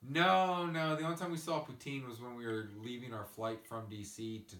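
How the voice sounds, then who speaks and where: A man hosting a casual podcast, swearing freely and ranting through animated stories. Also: mid-range voice, fairly quick, recorded from a distance, slight background noise. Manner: ranting, profane, animated storytelling. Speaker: podcast host. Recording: echoey room, away from the mic.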